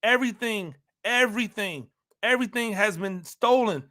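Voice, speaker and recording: Male sports-talk host, high bright voice, emphatic, repeats lines for punch. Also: normal speed. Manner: talks to listeners directly, asks rhetorical questions. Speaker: football analyst host. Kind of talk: animated sports talk monologue.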